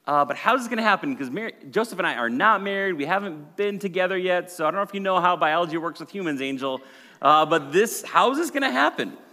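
Man doing a teenage bride-to-be, earnest and breathless, pitched up a little, long hall echo. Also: lively intonation, fast talker, bright, forceful tone, heavily acted. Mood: flustered. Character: teenage girl engaged to be married, earnest.

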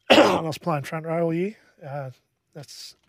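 An Australian man in middle age spins old sporting yarns in a relaxed, stop-start way. His voice sits somewhat high for a man, and the sound is dry and close with no room around it. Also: vocal fry, dry recording. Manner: laid-back, halting with many restarts. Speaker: former rugby league player, guest. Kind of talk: casual storytelling.

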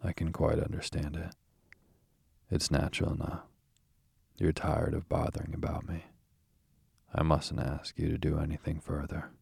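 A man's voice: a bass voice, monotone, normal speed, vocal fry, pauses often, a little mellow, slightly rough, dry recording, clean studio sound, heavily acted. A man reading the part of a self-pitying toad who murmurs weakly from his sickbed. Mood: feeble. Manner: languid, murmuring, weak.

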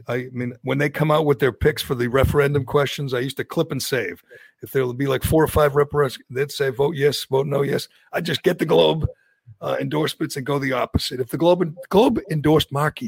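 A middle-aged man with a gravelly voice grumbles through blunt, opinionated talk-show commentary. He sounds like a show regular. The sound is close and dry. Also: medium pitch, no room sound. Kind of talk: casual radio talk.

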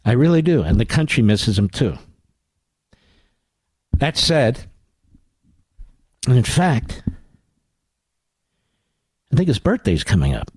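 A man's voice: mid-range voice, very animated, takes it slowly, long pauses, a little mellow, breathy edge, dry recording. A man hosting a radio talk show, giving combative political commentary, sarcastic and indignant, often climbing into pointed rhetorical questions on a studio mic.

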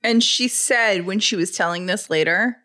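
A woman's voice: mid-range voice, normal speed, bright, forceful tone. A woman co-hosting a podcast, chiming in casually and relating to how people feel. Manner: chatty, chimes in and relates to feelings. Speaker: podcast co-host. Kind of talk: casual chat.

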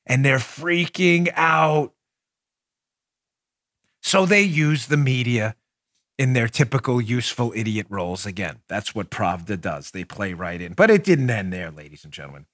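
A man hosting a political podcast, talking in a sarcastic, mocking way with loud bursts and muttered asides. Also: medium pitch, lively intonation, measured pace, no echo, studio quality. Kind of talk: opinionated solo commentary.

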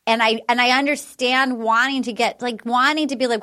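A woman's voice: sits high, a little fast, hardly any pauses, fairly bright tone. A woman hosting a casual podcast chat, recapping at length in a rambling way with many fillers. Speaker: podcast host.

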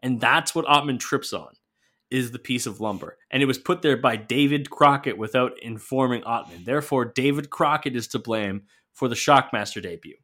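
A man hosting a podcast, telling a story in an animated, profane, casual way. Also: mid-range voice, normal speed. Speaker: podcast host. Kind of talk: casual chat.

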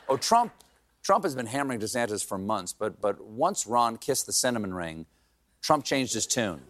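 A man's voice: mid-range voice, sing-song, measured pace, a little hiss or hum. A man hosting a late-night show, delivering a comedic news monologue with sarcastic, mocking punchlines.

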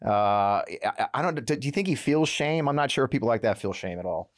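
A man hosting a podcast in a casual, animated way, often stammering and sounding exasperated. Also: medium pitch, fast talker. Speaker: podcast host.

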